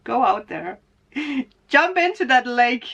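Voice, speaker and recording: A woman's voice: a little high, big pitch swings, takes it slowly, creaky, a bit bright, highs cut off. A woman doing a casual tarot reading vlog for her viewers, talking to them directly, emotional and laughing often. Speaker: spiritual tarot reader.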